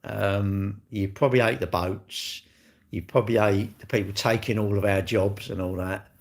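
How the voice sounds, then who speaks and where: A gravelly, fairly low-voiced man, chatting loosely to his stream viewers. He rambles from point to point and tags most of his statements with a quick question back at the listener. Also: steady tone. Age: 60s. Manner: rambling, chatty, ends lines with tag questions. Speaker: live streamer. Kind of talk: casual chat answering viewer comments.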